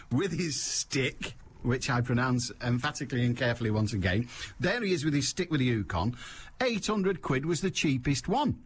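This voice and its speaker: A man's voice: fairly high pitch, husky. A man hosting a call-in radio show, talking in a wry, digressive, jokey monologue. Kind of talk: rambling comic monologue.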